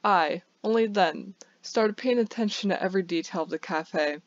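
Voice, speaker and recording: A woman's voice: medium pitch, moderate pace, dry recording. A woman reads a first-person short story aloud for bedtime listening. She stumbles and restarts now and then. The sound is dry and a little dull, with no room around it.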